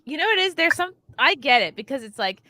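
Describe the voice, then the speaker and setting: Woman host, casual chat, high lively voice, mimics others. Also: quick pace, no room sound, studio quality. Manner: animated, laughs often, mimics people.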